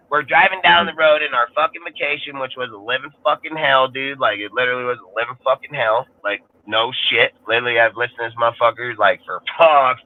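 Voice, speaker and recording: Swearing ranting man on a tinny line. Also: mid-range voice. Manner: heated, swears constantly, rambling. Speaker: podcast panelist. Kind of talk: profane casual rant.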